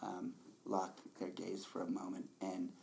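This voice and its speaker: A man giving a relaxed, conversational dharma talk as a meditation teacher, often laughing softly. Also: low voice, a little slow, gravelly, slight background noise.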